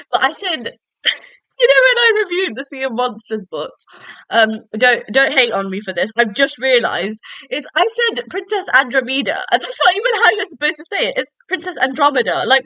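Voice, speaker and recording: A woman's voice: medium pitch, sharp tone, no echo. A young woman hosting a solo book-review podcast, chatting in a rambling, self-deprecating way with giggly asides. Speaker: podcast host.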